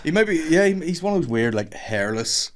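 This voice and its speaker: Fast, lively man. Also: on the high side. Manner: animated, swearing, jokey. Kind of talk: casual podcast chat.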